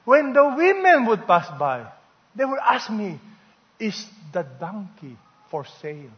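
A man's voice: sits high, big pitch swings, measured pace. A man voicing a grieving widow who gives a sly, matter-of-fact answer. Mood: wry. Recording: dull lo-fi recording in a reverberant hall.

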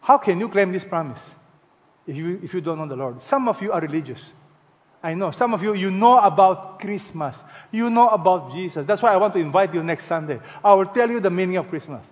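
High-voiced preaching man in a reverberant hall. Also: animated, dull audio. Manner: emphatic preaching, drawn-out stressed words, swings from loud to hushed. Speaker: pastor. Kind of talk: sermon.

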